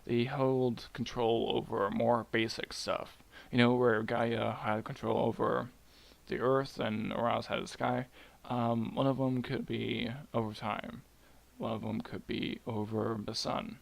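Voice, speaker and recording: A young man retelling a myth casually at home, muttering quietly and rambling with jokes. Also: mid-range voice, creaky. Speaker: storyteller. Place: home at night.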